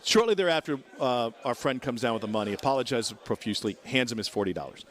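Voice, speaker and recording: A man's voice: mid-range voice, fast. A man in his forties from Missouri, telling a long story on talk radio and acting out the people in it. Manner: acts out the people in his story with lively voices. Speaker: guest storyteller. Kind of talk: animated anecdote on talk radio.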